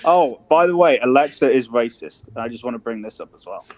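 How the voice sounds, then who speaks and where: A man's voice: mid-range voice, animated, fairly quick. Joking British man swearing casually. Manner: joking, swears freely, chatty storyteller. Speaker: podcast co-host. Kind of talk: casual podcast banter.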